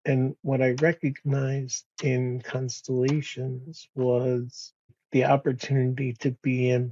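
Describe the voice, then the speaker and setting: A man speaking as a podcast guest in a slow, soft-spoken, reflective way, pausing often and restarting his sentences. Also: mid-range voice, vocal fry, slightly rough, dry recording, dull audio. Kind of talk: reflective conversation.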